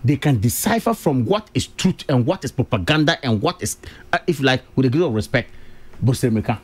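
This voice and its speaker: Animated Ghanaian man arguing on radio. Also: mid-range voice, brisk. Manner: emphatic, repeats key words, mixes English and Twi. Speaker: radio panelist. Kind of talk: radio political discussion.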